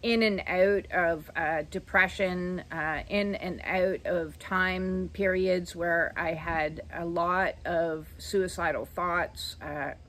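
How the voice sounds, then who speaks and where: A woman in her fifties hosting her own channel, telling her life story in a slow, reflective way with many hesitant "uh" fillers. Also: lowish voice, steady tone, fairly bright tone. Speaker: channel host. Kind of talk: personal storytelling monologue.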